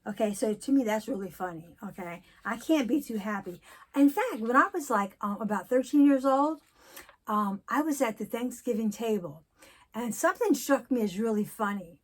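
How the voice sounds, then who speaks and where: A woman in her sixties talking candidly in a personal vlog, telling stories and reflecting slowly. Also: a little high, lively intonation. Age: 60s. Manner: candid storytelling, slow and reflective. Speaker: vlogger.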